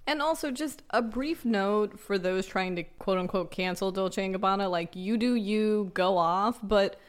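A woman co-hosting a podcast in casual chat, with quick teasing quips and opinionated asides. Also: medium pitch. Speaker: podcast co-host.

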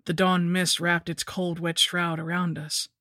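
Woman, scripted horror narration, measured, somber, dry close mic. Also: fairly low pitch, little pitch movement, sharp tone, dry recording.

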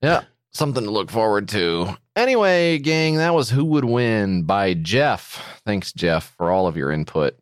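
A man's voice: on the low side, very animated, unhurried, few pauses, dry recording, clean studio sound. A man co-hosting a podcast in casual comedy chat, joking, swearing casually and playing mock-indignant. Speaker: podcast co-host.

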